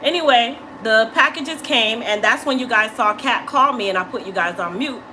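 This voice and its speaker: Woman business owner, emphatic casual storytelling, bright voice, faint background hiss. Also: fairly high pitch, moderate pace, poor audio. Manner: assertive, emphatic, keeps asking "okay?". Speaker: hair care business owner.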